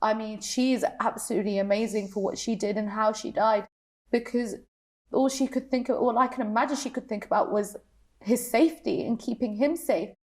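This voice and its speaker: A young woman on a panel, sharing a personal story of grief in a halting, emotional way with many restarts. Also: fairly high pitch, fairly even intonation, darkish tone. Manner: emotional, halting, repeats herself. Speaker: panel guest.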